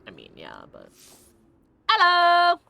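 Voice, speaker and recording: Giggly woman streamer, bright lively voice. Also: on the low side, a little slow. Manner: giggly, exclaiming. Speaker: let's play streamer. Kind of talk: casual gameplay chat.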